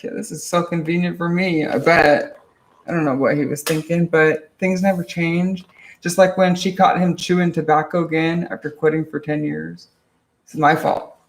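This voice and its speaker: A young man speaks in a high voice with a gravelly, creaky texture. He tells his own story casually, stopping and restarting often and swearing freely. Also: reverberant. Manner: halting, many restarts and fillers, frequent swearing. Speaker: vlogger.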